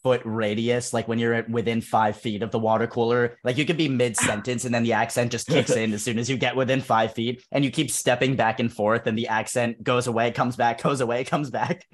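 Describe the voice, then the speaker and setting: A man's voice: mid-range voice, fairly even intonation, fairly quick, hardly any pauses. A young man co-hosting a podcast, telling long joking stories and laughing often. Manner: joking, rambling storyteller who laughs often. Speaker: podcast co-host. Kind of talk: casual chat.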